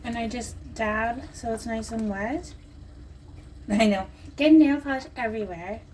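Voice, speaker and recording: Rambly woman vlogger at home, kinda high voice, recorded from across the room, noisy background. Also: a little slow, a little mellow. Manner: chatty, rambling, jokey. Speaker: vlogger selling nail strips. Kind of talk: casual chat to camera. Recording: distant mic with clear background noise.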